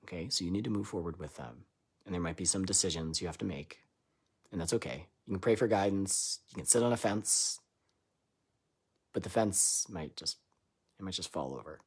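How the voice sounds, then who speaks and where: Guy doing a live channeled reading, husky and lowish voice, swears and laughs a lot, goes loud then quiet. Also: moderate pace, pauses often. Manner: loose and irreverent, swearing and laughing between lines; swings between loud declarations and quiet asides. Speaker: spiritual channeler.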